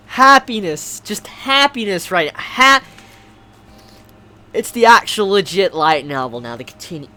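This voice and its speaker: A man vlogging casually as he unboxes gifts, excitable, stammering and repeating himself, at times shouting. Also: on the high side, normal speed. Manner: excitable, swings to shouting and squealing. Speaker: anime vlogger.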